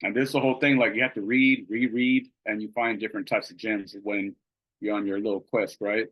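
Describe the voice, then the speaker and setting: This man's voice is lowish and flat, and he talks fairly quickly over dull audio. Leading a Bible study, he reads passages aloud in a relaxed, conversational style, using plenty of fillers and tagging on "right?" as he goes.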